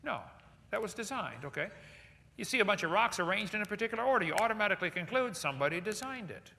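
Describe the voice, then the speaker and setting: Animated high-voiced man lecturing in a hall. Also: fast, creaky, a little hiss or hum. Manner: animated, asks the audience questions. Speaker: creationist speaker. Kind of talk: lively seminar lecture. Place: large hall with audience. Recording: echoey hall recording.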